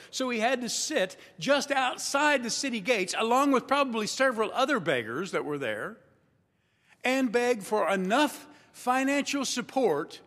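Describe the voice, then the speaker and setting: A man preaching a sermon as a pastor, telling the story with relaxed humor and acting out what people say. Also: very high-pitched, in a large hall. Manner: storytelling, acts out quoted voices.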